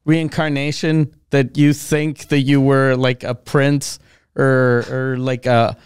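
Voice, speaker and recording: A man co-hosting a comedy podcast, egging on the jokes with quick agreeing interjections. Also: mid-range voice, little pitch movement, clear, resonant tone, dry recording, studio quality. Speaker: podcast co-host. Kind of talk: casual comedy podcast banter.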